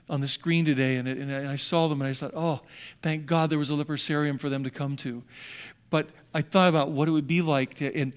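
A man's voice: a little high, clean tone. A male pastor preaching a sermon with fervor, repeating phrases and acting out the quotes he reads.

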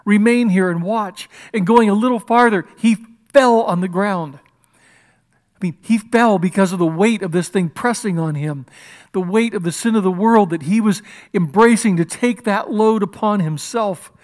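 A man preaching a sermon with passion, moving between loud declarations and hushed, intimate passages. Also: high-pitched, moderate pace. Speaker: pastor.

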